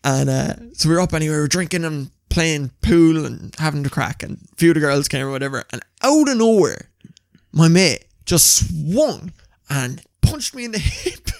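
A young man telling stories on a podcast, animated, laughing often and swearing casually. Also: a little high, moderate pace, vocal fry, dry recording, studio quality. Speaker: podcast co-host. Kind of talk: casual chat.

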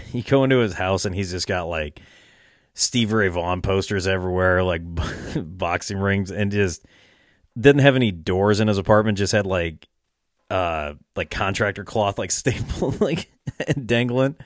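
A man's voice: deep voice, measured pace, no room sound, clean studio sound. A young man telling a long, rambling story in casual chat, with lots of fillers and swearing, often breaking into laughter.

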